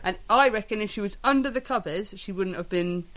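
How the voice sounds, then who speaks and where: A woman's voice: medium pitch, brisk, background noise. A woman co-hosting a podcast, chatting casually in a rambling, self-deprecating way. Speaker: podcast co-host. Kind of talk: casual chat.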